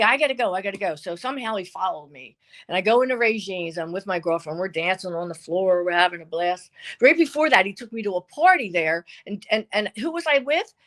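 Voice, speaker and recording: A woman's voice: mid-range voice, fairly bright tone. An older woman tells a long dating story in a chatty, casual way. She acts out the voices of the people she quotes, lifting and dropping her voice as she goes. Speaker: guest.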